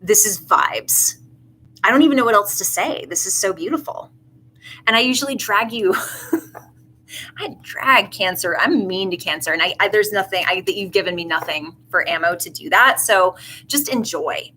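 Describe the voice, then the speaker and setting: A woman's voice: mid-range voice, expressive, normal speed, sharp tone, slight background noise, low-quality recording. A woman giving a casual live tarot reading, chatty and effusive with many asides. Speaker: tarot reader.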